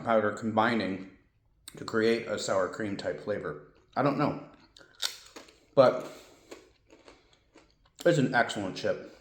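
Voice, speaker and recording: A man's voice: fairly low pitch, roomy sound, slight background noise. A man reviewing snacks and drinks in a casual vlog, chatty and thinking aloud, often correcting himself. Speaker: food reviewer.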